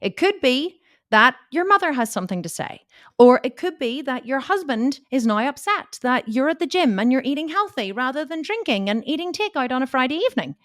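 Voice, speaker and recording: A woman fitness coach telling a personal story to camera in a candid, animated way, swearing freely. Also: high voice, brisk, no room sound, clean studio sound.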